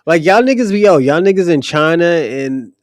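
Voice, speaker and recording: A man with a fairly high, animated voice hosts a livestream, ranting casually and bluntly at his chatters with plenty of profanity. He speaks at a moderate pace, and the audio is clean studio quality with no room sound.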